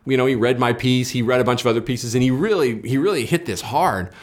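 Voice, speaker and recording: A man of ordinary pitch talks as the guest in a loose political discussion. He argues with emphasis and drive, stacking repeated words and restarts as he builds each point. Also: quick pace. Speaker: interview guest. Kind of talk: casual political conversation.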